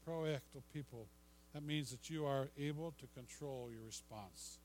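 An older man preaching a sermon, asking rhetorical questions, repeating words and dropping to a soft hush on key phrases. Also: medium pitch, measured pace, low-quality recording. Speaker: pastor. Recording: faint mains hum.

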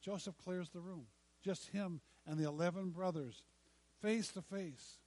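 A man preaching a sermon, telling a story dramatically with repeated lines and long pauses. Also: sits high, darkish tone, dry recording. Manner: dramatic, acts out quoted lines with pauses and repetition. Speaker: pastor.

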